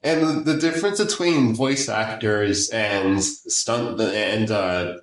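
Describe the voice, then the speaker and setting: A man's voice: on the low side, slow pace, reverberant, poor audio. A man chatting casually as a guest, laid-back and full of fillers. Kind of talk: casual chat.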